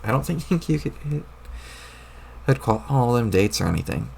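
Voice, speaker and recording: A man doing a deadpan, sarcastic teen boy. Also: unhurried, gravelly, slight background noise, full character voice. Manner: flat, dry, low-key delivery. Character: deadpan, aloof teenage boy, cool and sarcastic. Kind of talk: reading a webcomic aloud on stream.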